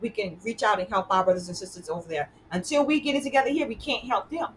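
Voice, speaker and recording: A woman's voice: medium pitch, fast, background noise. A woman hosting an interview show, talking conversationally and repeating words as she builds her points. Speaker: host.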